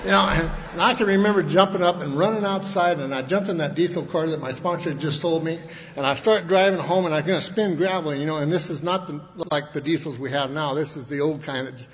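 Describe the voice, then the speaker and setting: A man's voice: a little high, brisk. A man at a recovery meeting, telling his own story in a folksy, rambling way with many restarts. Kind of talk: personal storytelling talk. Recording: echoey hall, dull lo-fi sound, faint hiss.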